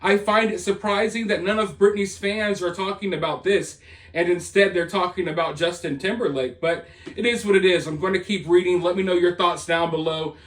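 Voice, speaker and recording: A man's voice: high-pitched, steady tone, moderate pace, a bit bright. A man hosting a commentary channel, delivering a sarcastic, dismissive and rambling opinion monologue.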